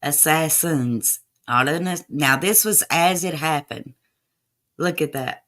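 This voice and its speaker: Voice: medium pitch, unhurried, sharp tone. A livestream host giving loose, chatty commentary over archive clips, with fillers and asides to chat.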